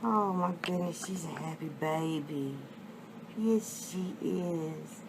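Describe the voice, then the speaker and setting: A woman with a West Texas accent, chatting on her home vlog and cooing baby talk to a reborn doll in a soft, drawn-out way. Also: fairly low pitch, gravelly. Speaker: reborn doll collector vlogger. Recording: noisy home video.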